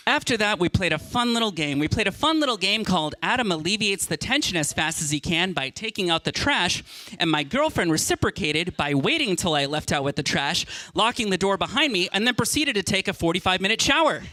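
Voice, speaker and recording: A man performing a stand-up comedy set, telling stories in an animated way and often stammering and repeating words. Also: high voice, a little fast, dry recording.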